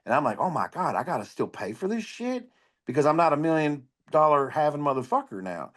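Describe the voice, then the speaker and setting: A man's voice: on the high side, a little fast. Profane, blunt man telling stories. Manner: blunt, profane, animated storyteller. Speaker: podcast guest, comedian. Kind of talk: casual storytelling interview.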